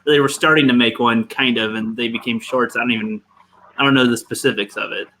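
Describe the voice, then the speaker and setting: A man's voice: medium pitch, fairly even intonation, a little fast, a bit bright, a little hiss or hum, rough recording. A man speaking as a panelist in a casual online chat, rambling and laid-back with lots of fillers.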